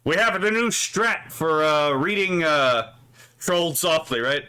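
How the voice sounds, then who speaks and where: At a measured pace, a man with a higher, sharp yet clear and resonant voice reads posts aloud on a casual live stream. He mocks them with profane sarcasm and keeps tacking on the filler "right?".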